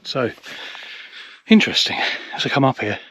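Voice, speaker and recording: A man's voice: mid-range voice, big pitch swings, moderate pace, pushed and bright, slight background noise. A man vlogging while wild camping on a snowy hillside, chatty and self-deprecating, a little out of breath from the climb. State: slightly out of breath from hiking. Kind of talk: casual outdoor vlog talk to camera.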